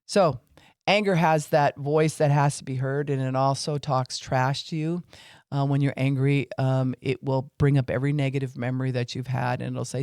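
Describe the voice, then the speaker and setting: A man's voice: medium pitch, steady tone, moderate pace, a little mellow, clear, resonant tone, dry recording, studio quality. A man teaching on faith and emotions in an informal podcast talk, with fillers, acting out what people say.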